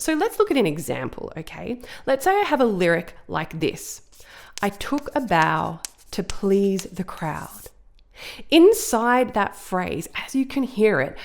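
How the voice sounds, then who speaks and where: A woman teaching songwriting in a video lesson, explaining ideas clearly and with emphasis. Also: on the low side, darkish tone.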